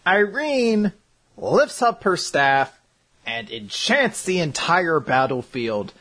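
A man hosting a podcast, giving a casual anime recap in an animated storytelling style with frequent swearing. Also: high voice, slow pace. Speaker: podcast host. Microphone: computer mic on a video call.

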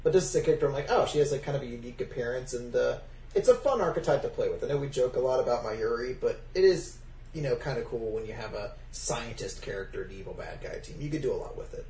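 A man's voice: medium pitch, lively intonation, fast talker, warm tone. A man co-hosting a podcast, chatting casually and emphatically about a comic series. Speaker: podcast co-host. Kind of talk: casual chat. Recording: roomy, distant mic.

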